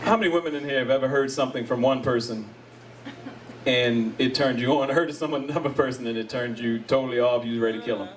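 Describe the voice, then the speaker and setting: A man doing live stand-up comedy, acting out quoted voices in an animated way. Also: medium pitch, fast. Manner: animated, acts out quoted voices, laughs along with the crowd. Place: comedy stage before a live audience. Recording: distant mic with loud audience laughter. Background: audience laughing.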